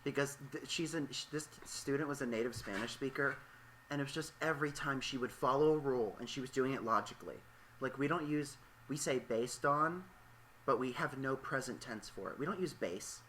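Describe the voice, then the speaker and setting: A man's voice: mid-range voice, brisk, fairly bright tone, a little hiss or hum. A young man hosting a casual interview podcast, talking in a playful, joking way. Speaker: podcast host; English teacher. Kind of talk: casual chat.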